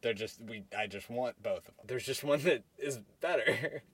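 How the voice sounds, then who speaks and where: A man co-hosting a podcast in casual chat, relaxed and rambling with many fillers. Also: medium pitch, moderate pace, husky, dry recording. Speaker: podcast co-host.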